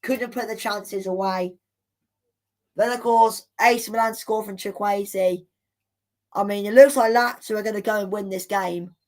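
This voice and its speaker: A woman hosting a live football watchalong, commenting in an excitable, exclamatory way with indignant rants. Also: medium pitch, a little slow. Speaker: watchalong host.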